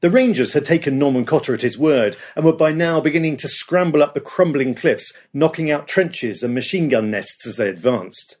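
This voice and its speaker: Male documentary narrator, husky and fairly high voice, dramatic storytelling. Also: expressive, moderate pace, few pauses, a little mellow. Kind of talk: scripted history narration.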